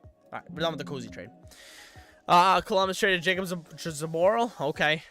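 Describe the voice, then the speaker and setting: Excitable young man streaming hockey talk. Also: fairly high pitch, moderate pace, soft background music. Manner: excitable, talks himself into getting worked up; rambling with restarts, thinking aloud. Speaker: sports live streamer. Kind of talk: casual live-stream commentary.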